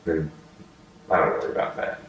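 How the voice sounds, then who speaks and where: A man, a former military interrogator, telling stories in a measured conversational way and slowing down when he reflects. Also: a bit bright. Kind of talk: conversational storytelling. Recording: echoey room, voice far from mic.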